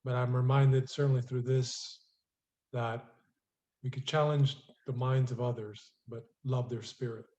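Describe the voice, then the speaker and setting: Male participant on a video call, earnest closing blessing, dark tone, lo-fi sound. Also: medium pitch, fairly even intonation, unhurried. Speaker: prayer circle participant.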